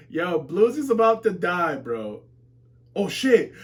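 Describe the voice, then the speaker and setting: Excitable male reaction streamer: high, bright voice, slow easy delivery, profane, explodes into shouting. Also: slight background noise. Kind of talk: live reading reaction.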